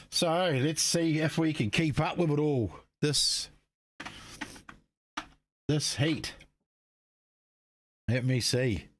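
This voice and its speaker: A man's voice: mid-range voice, dry recording. A man hosting live stockcar race commentary, laid-back and matey, chatting to drivers and viewers. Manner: laid-back, matey, peppers talk with "mate" and "eh". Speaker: race commentator and stream host.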